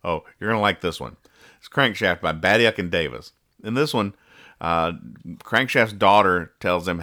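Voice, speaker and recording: Man hosting a podcast, low pitch, bright forceful tone, dry sarcastic delivery. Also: expressive, normal speed. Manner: dry, sarcastic explaining of jokes. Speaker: podcast host. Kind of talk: casual podcast chat explaining comic strips.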